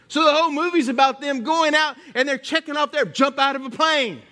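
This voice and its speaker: High-voiced male preacher. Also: a little fast, few pauses, bright, forceful tone. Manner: calls out to the congregation. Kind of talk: sermon. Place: church.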